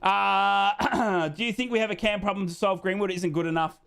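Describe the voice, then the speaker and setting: A man's voice: high-pitched, moderate pace, vocal fry, fairly bright tone, clean tone. An Australian man hosting a live football watchalong, chatting casually and reading out fan comments. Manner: chatty, jokey, repeats himself, says "mate".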